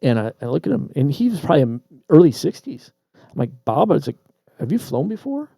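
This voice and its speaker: A man co-hosting a podcast, casually telling a personal story with lively asides and repeated words. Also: on the high side, fast talker, vocal fry, dry recording, studio quality. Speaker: podcast co-host. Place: Traverse City, Michigan.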